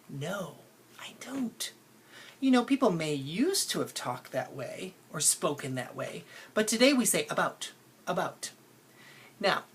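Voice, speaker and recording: A woman's voice: on the low side, a bit bright, husky. A woman teacher giving a phonics lesson to children, patient and playful, stretching out sounds to show how words are said.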